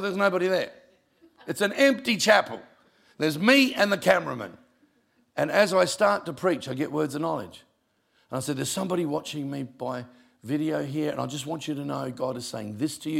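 A middle-aged man preaching a storytelling sermon, mixing jokes with hushed, emotional passages. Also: on the high side. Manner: gravelly voice, humorous, drops quiet for emotional moments. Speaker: pastor.

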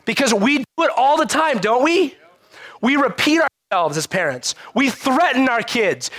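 High-voiced pastor preaching with lively conversational punch. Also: male voice, normal speed, dry recording. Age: adult parent. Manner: animated, conversational preaching with frequent rhetorical questions. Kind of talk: sermon.

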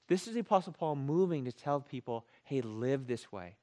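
A man's voice: mid-range voice, lively intonation, normal speed, few pauses, darkish tone. A man preaching a sermon in a conversational, jokey way, repeating key phrases for emphasis and joking with the congregation. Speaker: pastor.

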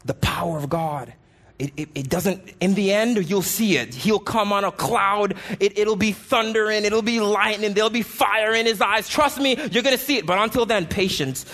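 A man preaching a sermon with passion, pleading loudly at times and then dropping his voice low. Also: normal speed. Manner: impassioned, rising to pleading shouts and dropping low.

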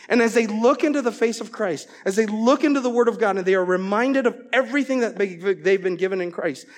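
A middle-aged man, a pastor, preaching a sermon in a lively storytelling way, often asking "right?" and saying "like". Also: sits high. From Korean family, raised in America. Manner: animated storytelling, many "right?" and "like".

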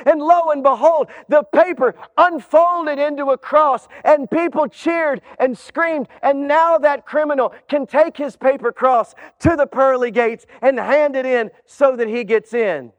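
A man's voice: very high-pitched, normal speed, hardly any pauses. A male pastor preaching a sermon with humorous storytelling and wry asides. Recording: dull sound in a reverberant hall.

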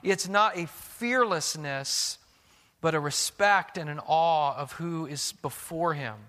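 Bright-voiced preacher in a reverberant hall. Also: male voice, on the high side, slow pace. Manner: earnest, questioning, restarts words often. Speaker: pastor. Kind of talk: sermon.

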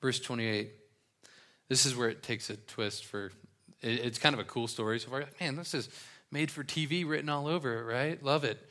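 Joking casual young pastor. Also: male voice, mid-range voice, moderate pace, pushed and bright. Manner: casual, joking asides while reading scripture. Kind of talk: sermon with Bible reading.

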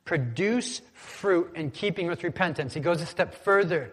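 Male pastor with a slightly high voice; preaches casually, has the room repeat key words, church hall with a long echo tail. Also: normal speed, few pauses, fairly bright tone. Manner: conversational, asks congregation to repeat words. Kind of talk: sermon. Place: church sanctuary.

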